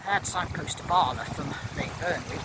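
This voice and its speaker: A woman's voice: sits low, normal speed. A woman chatting casually while walking her dog along a lakeshore, exclaiming often and rambling through asides. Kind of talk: casual spoken vlog. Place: lakeshore outdoors in drizzle and wind. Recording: loud wind noise on the mic.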